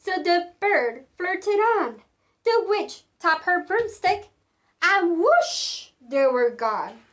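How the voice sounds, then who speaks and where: A woman reading a picture book aloud to children in an expressive, sing-song way. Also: very high-pitched, slow pace. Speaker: children's storyteller.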